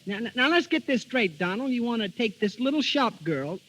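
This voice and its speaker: A man's voice: very high-pitched, sing-song, fairly quick, fairly bright tone, soft background music, heavily acted, poor audio. An actor playing a jovial, teasing young man in a 1930s radio drama, chuckling as he talks. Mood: amused. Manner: chuckling, easygoing. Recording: old radio broadcast with faint hiss.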